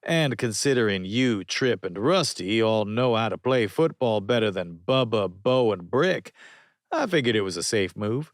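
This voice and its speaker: A man's voice: fairly low pitch, expressive, normal speed, no room sound, clean studio sound. A man voicing a hearty male small-town coach explaining the rules matter-of-factly.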